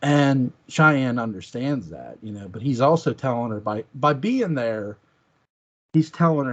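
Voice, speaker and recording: An enthusiastic man talks casually about a film on a podcast, often acting out its lines. His voice sits at an ordinary pitch for a man. The recording sounds a little dull and lo-fi. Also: expressive, normal speed. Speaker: podcast co-host.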